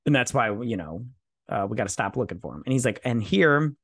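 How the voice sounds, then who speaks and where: Man, TV review host, casual rambling recap, crude jokes, mid pitch, dry room sound. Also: very animated, a little fast, a bit bright, husky, dry recording. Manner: crude, mocking, loose paraphrase; hesitant, searching for names.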